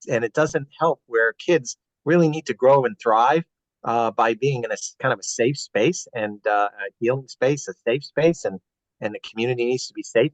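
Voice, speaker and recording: A man's voice: medium pitch, no room sound. A man speaking earnestly as a guest on a webinar, advising parents on family values. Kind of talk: webinar talk. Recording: dull, dry webinar audio.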